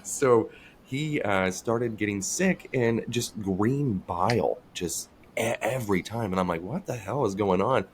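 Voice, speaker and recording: A man co-hosting a podcast, telling a story in an animated, profane way in casual chat. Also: fairly low pitch, a little slow, a little hiss or hum. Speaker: podcast co-host.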